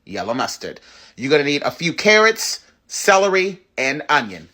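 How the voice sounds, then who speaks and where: A man's voice: a little high, very animated, moderate pace, pushed and bright. A man hosting a casual cooking tutorial, emphatic and playful, repeating his points with teasing scolds. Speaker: home cook, channel host.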